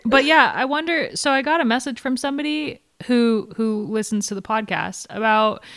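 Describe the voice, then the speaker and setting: A woman's voice: fairly high pitch, normal speed, fairly bright tone, no echo, clean studio sound. A woman co-hosting a cycling podcast, a former rider talking through tactics in a thoughtful, questioning way. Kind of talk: casual podcast chat.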